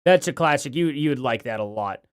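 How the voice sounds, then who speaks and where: Hosting a laid-back livestream, this man chats and reads out donations, apologizing as his bitten tongue slightly slurs his speech. His medium-pitched voice has lively intonation and a smooth, fairly quick pace, captured in a dry studio recording with no room sound.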